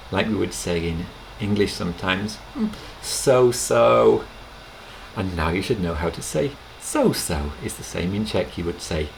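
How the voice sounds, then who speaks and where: A low-voiced man teaches a lesson to camera, taking his time and pausing gently between phrases. His voice has a gravelly edge. A webcam microphone picks him up with a faint hiss behind. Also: low-quality recording. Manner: slow, unhurried explaining with gentle pauses. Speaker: language teacher.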